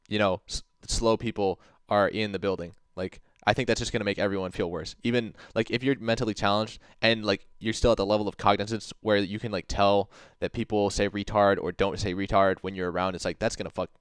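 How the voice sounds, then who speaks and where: Smooth and somewhat low-voiced, a man runs a casual livestream where he responds to chat messages he reads aloud, rambling, swearing freely, and leaning on "like" constantly. The recording is dry and close.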